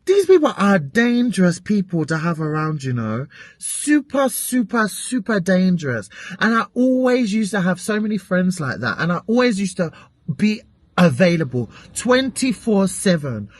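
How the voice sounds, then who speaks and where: A British woman vents in a chatty vlog, exasperated and swearing freely. Her pitch leaps and dips all the time. The sound is dry and close. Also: moderate pace, no echo. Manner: animated, exasperated ranting with frequent swearing. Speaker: vlogger.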